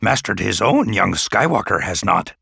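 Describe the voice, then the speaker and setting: A man putting on an ancient little alien master, stern but with a dry gentleness, who twists his sentences backwards and hums as he weighs each word. The voice is low and gravelly, close and dry, like a storybook reading. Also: sing-song, moderate pace, no echo, heavily acted. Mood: probing. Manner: inverted word order, thoughtful hums. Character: ancient small male alien sage, stern yet dryly gentle.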